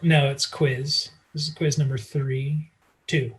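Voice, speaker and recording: Man, slightly high voice, math lecturer, casual explaining, fillers, computer mic. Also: fairly even intonation, a little slow, a bit bright. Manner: casual, talks while working problems, many fillers. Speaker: math instructor. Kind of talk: online lecture.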